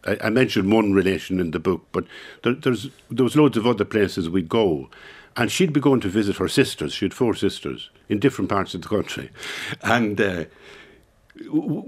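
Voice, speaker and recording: An Irish man with a fairly low voice is an interview guest in a radio studio. He sounds thoughtful and halting, often repeating words as he reflects.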